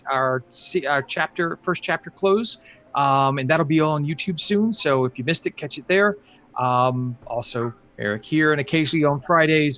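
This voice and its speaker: A man playing in a tabletop game stream, chatting casually with halting speech and lots of fillers. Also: medium pitch, fairly bright tone. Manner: halting, many fillers and restarts. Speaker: player. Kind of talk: casual chat.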